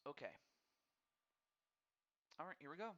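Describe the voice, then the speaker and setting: A man's voice: on the high side, sing-song, unhurried, pushed and bright. A man hosting a live wrestling game stream, chatting casually and friendly with viewers, often stammering and repeating words as he thinks aloud. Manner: friendly and addresses viewers directly. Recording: dull lo-fi recording.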